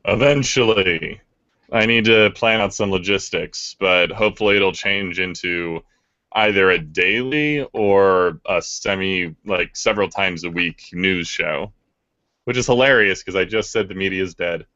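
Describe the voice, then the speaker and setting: A man's voice: low voice, unhurried, pushed and bright, dry recording, highs cut off. A man co-hosting a casual podcast, cutting in with short, terse remarks. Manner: terse, interjecting. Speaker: podcast co-host.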